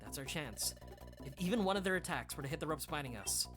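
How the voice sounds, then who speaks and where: A woman voicing a cool-headed male lizard fugitive who gives low, clipped orders in a fan dub of a game. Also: lively intonation, quick pace, music in the background. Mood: urgent hush.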